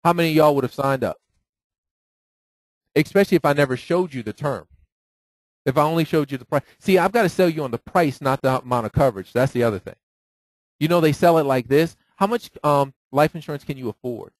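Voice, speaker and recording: A man with a somewhat high voice teaches a live audience. He talks in a lively way and keeps asking rhetorical questions. The sound is dry and close. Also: a little fast, no echo, rough recording. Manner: lively, acts out phone calls in quoted voices; rhetorical questions with repeated "right?". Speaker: financial seminar speaker.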